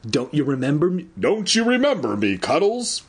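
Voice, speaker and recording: A man with a husky voice voicing an anxious boy who has grown to giant size, pleading and urgent. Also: fairly high pitch, very animated, moderate pace, voice pushed up, exaggerated voice.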